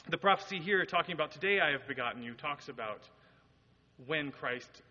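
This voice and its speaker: Earnest male preacher with a bright, expressive voice, a little husky, recorded dully in an echoing church. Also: fairly high pitch, fairly quick. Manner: earnest, explanatory, quotes scripture with rising emphasis. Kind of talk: sermon. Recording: dull audio with long hall reverb.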